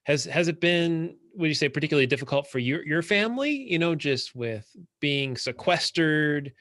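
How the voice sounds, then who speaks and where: A man's voice: fairly high pitch, expressive, moderate pace, a bit bright, dry recording, clean studio sound. A man hosting an interview podcast from Minnesota, asking questions in a hesitant way with restarts. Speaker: podcast host. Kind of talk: casual interview chat.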